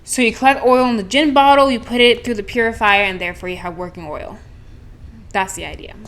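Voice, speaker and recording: A woman playing a game, reading its descriptions aloud and thinking through puzzles out loud. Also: on the high side, steady tone, brisk. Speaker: let's play gamer. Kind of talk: reading game text and commentary. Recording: game music behind. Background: game music.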